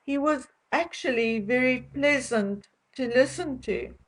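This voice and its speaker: A woman's voice: sits high, unhurried, poor audio. An older South African woman chatting casually to her viewers, opinionated and chatty, often laughing between remarks. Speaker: vlogger.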